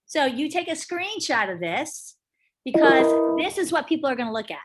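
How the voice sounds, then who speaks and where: Brisk, emphatic female instructor, slightly high voice, chatty with her class. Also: big pitch swings, loud music behind the voice. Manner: brisk, emphatic, chatty, asks the group questions. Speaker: real estate instructor. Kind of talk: casual teaching talk to a class.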